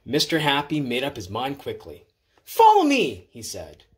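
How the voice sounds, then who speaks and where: A man reading a children's storybook aloud, expressive and playful with repeated words. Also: mid-range voice, moderate pace, husky.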